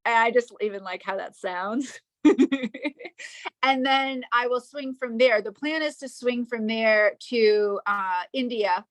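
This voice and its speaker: A woman guest on a podcast, talking in an emotional, halting way with many restarts. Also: on the high side, fairly bright tone, dry recording. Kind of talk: casual interview chat.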